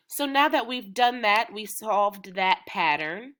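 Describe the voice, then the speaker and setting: A woman teaching preschoolers in a slow, sing-song way, chanting patterns and cheering them on. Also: mid-range voice, expressive, bright, forceful tone. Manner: encouraging, drawn-out, rhythmic chanting. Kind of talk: slow, sing-song lesson for small children.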